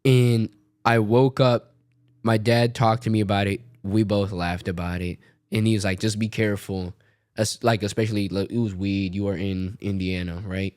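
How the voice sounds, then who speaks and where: A young man telling a story casually on a podcast, animated and quoting voices as he goes. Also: lowish voice, moderate pace, clear, resonant tone, no room sound, studio quality. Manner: animated, tells stories with quoted voices.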